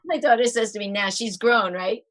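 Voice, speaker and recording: A middle-aged woman, a parenting coach, explaining calming techniques as a podcast guest in a lively way and acting out the steps. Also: on the high side, a little fast. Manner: lively, demonstrating exercises as she explains.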